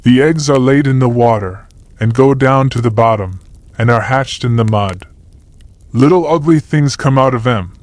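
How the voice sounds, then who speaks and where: A man's voice: medium pitch, normal speed, a little mellow, dry recording, lightly acted. A man voicing an earnest, eager small boy who explains what he has seen, in an audiobook. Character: earnest small boy telling about insects. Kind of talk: audiobook character voice.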